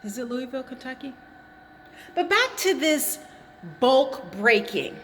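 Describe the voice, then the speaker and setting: A woman's voice: sits high, very animated, unhurried, a bit bright, in a large hall, slight background noise. A woman talking straight to the camera in an impassioned monologue, with emphatic, accusatory phrasing and pointed repetition. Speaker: vlogger.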